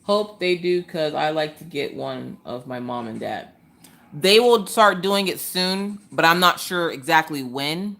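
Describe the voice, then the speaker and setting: A woman hosting a laid-back craft livestream, talking straight to her viewers. Her voice has a bright, crisp edge. She rambles in a chatty way and slips into exasperated rants full of rhetorical questions. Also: low voice, lively intonation, a little slow. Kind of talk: casual chat with live viewers. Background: chewing ice between sentences.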